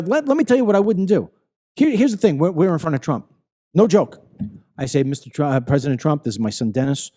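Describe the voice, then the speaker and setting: A man's voice: sits high, mellow. A man hosting a political commentary show, ranting heatedly with frequent profanity and stammering when worked up. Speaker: host.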